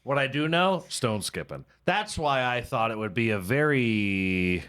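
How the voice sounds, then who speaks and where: A male podcast host in casual comedic chat, with a voice of middling pitch. He rambles, swears freely and pokes fun at himself as he reads and riffs. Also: expressive, a little slow, fairly bright tone, clear, resonant tone. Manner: rambling, profane, self-mocking.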